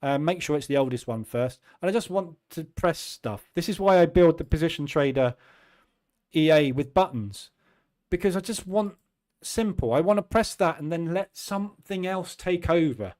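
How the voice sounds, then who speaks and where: A man in his fifties hosting a trading channel, talking in a chatty, self-deprecating way and acting out his own quick asides. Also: a little high, animated, darkish tone. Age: 50s. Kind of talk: casual chat.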